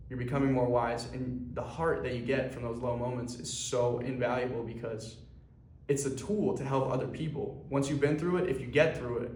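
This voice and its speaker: A man's voice: mid-range voice, a little mellow. A young man talking earnestly to camera in a rambling way, with plenty of fillers. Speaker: clothing brand founder. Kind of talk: personal vlog monologue. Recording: echoey room.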